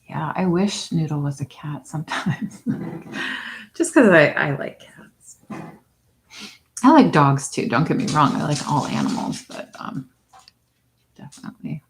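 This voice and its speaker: Slow-talking woman chatting on a craft livestream. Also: a little hiss or hum. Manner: slips into high baby talk with her dog, drops to soft whispers. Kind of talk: casual livestream chat.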